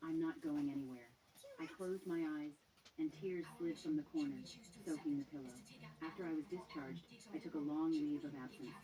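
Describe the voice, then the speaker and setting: Low-voiced woman narrating a story. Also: fairly even intonation, moderate pace, background noise. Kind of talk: first-person story narration. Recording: music playing underneath.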